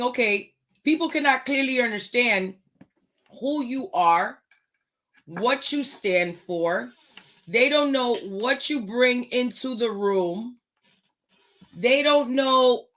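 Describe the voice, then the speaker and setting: Slow, bright-voiced woman giving a motivational talk. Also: on the high side. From United States. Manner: slow, emphatic, with pointed rhetorical questions. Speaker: host.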